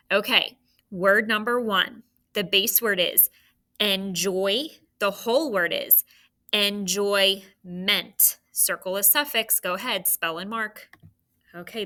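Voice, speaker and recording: Woman teacher doing a phonics spelling lesson, real slow, bright clear voice, spells each letter out. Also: mid-range voice. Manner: slow, clear, enunciating word by word.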